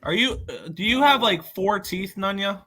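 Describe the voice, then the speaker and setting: A man's voice: high-pitched, animated, normal speed, sharp tone. A man on a live betting stream, teasing his co-hosts in casual banter. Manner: mocking, teasing. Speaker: sports betting stream co-host.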